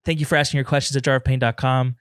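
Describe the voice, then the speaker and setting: A man's voice: mid-range voice, level tone, racing, clear, resonant tone, no echo, studio quality. A man hosting a comedy podcast alone in his apartment, rambling and self-deprecating, turning emotional now and then. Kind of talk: improvised comedy podcast monologue.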